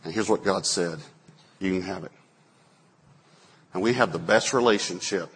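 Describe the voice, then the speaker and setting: A man in his forties, a pastor preaching a sermon, telling stories and acting out quotes with sudden loud bursts. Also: low voice, normal speed, slight background noise. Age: 40s.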